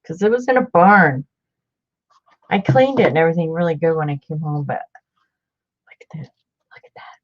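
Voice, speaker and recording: A low-pitched woman chats through a casual show-and-tell of her book collection, gushing as she goes. The sound is a little dull and lo-fi. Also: lively intonation, normal speed, pauses often. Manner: chatty, gushing over finds.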